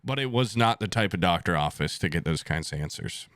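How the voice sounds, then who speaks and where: A man's voice: low voice, lively intonation, brisk, a bit bright, clean tone, dry recording. A young man in his twenties telling a rambling, crude story to his stream chat at home, swearing bluntly as he goes.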